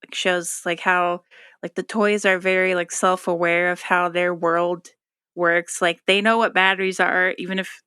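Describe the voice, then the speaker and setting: A woman with a bright, sharp voice muses aloud on a podcast. Her tone is crisp and smooth, and the recording is dry and close. She wanders through her thoughts with lots of filler words and giggles. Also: on the low side, flat delivery, unhurried, dry recording. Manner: musing, many "like" fillers, giggly. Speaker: podcast co-host. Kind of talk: casual chat.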